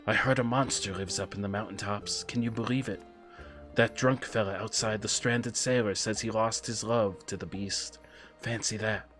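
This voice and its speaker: Man doing a game bard, put-on Australian accent, chatty, folksy, soft, faint music behind. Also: lowish voice, fairly even intonation, normal speed, lightly acted. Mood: chummy. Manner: friendly, folksy storytelling. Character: chatty wandering male bard seeking song material.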